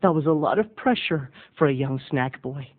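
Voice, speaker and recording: A man's voice: a little high, animated, moderate pace, phone-quality sound. A man telling a comic childhood story as a video blogger, with theatrical, exaggerated delivery.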